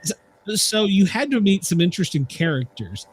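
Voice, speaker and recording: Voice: medium pitch, big pitch swings, normal speed, a little hiss or hum. The host of the show, asking short follow-up questions in a casual interview. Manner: brief friendly prompts and follow-up questions.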